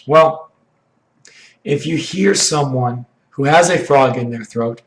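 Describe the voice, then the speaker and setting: A man teaching an English idiom lesson, his voice hoarse and froggy from allergies, explaining slowly with frequent "okay"s. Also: medium pitch, echoey room, rough recording. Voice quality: froggy, rough throat.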